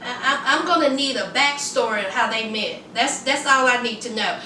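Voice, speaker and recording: A woman's voice: fairly high pitch, moderate pace, sharp tone, far from the mic, slight background noise. A middle-aged woman recapping a reality show in a sassy, chatty style, calling viewers honey and y'all. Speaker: reality TV reviewer. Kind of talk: casual recap vlog. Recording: echoey room, voice off-mic.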